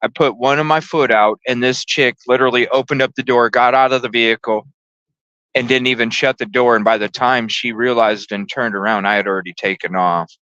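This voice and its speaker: A man's voice: medium pitch, steady tone, brisk, bright, forceful tone, clear, resonant tone, no room sound, highs cut off. A man hosting a podcast, telling a story casually and animatedly, swearing and acting out the voices. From lived in Chicago. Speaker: podcast host.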